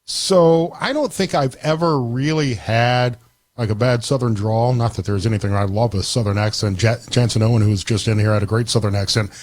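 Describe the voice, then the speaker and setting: An easygoing man hosts a radio talk show in a relaxed, chatty way and often restarts his sentences. His voice sits in a middle register. The studio sound is dry and close. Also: medium pitch, a little fast, dry recording. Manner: easygoing, conversational, frequent restarts. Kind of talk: casual talk radio chat.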